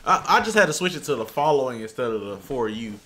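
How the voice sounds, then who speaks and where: A man's voice: mid-range voice, big pitch swings, fast, bright, forceful tone, slight background noise. A man co-hosting a casual livestream, tossing in short, slangy interjections. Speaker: co-host reacting to clips. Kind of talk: casual livestream reaction chat.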